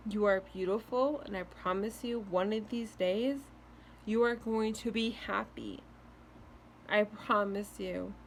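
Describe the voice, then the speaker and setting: A woman's voice: mid-range voice, vocal fry, a little hiss or hum. A young woman vlogging casual, earnest breakup advice, reassuring and full of "like" fillers, with hiccups now and then. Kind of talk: casual heartfelt advice to camera.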